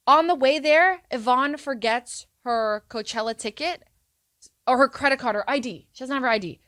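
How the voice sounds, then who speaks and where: A young woman guest telling stories in a casual, animated way on a studio podcast. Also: sits high, normal speed, no room sound. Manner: animated, acts out quotes with loud yelps. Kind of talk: casual storytelling.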